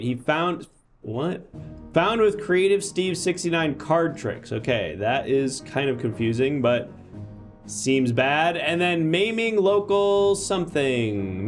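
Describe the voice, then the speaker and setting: A man playing a chatty courtroom judge who hosts a live comedy stream and thanks viewers. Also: a little high. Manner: brisk, thanks viewers, reads chat. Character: male courtroom judge, chatty show host.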